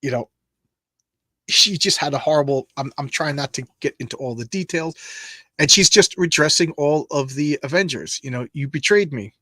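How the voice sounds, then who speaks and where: A man's voice: fairly high pitch, pushed and bright, no room sound. Rambling man reading comics aloud. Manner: rambling, halting, many restarts and fillers; reads speech balloons aloud in a lightly raised voice. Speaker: comic book show host. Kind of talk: casual comic reading and commentary.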